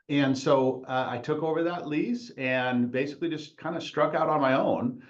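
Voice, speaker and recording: A man's voice: fairly high pitch, unhurried. Man telling his story, muffled sound. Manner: rambling, self-correcting, laughs at himself. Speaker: podcast host, chiropractor. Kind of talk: casual storytelling.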